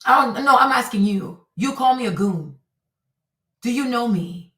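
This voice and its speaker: A woman's voice: fairly high pitch, lively intonation, a little slow, pushed and bright, echoey room, distant mic. A woman hosting a live stream, ranting indignantly and firing off repeated rhetorical questions. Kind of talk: heated live-stream commentary.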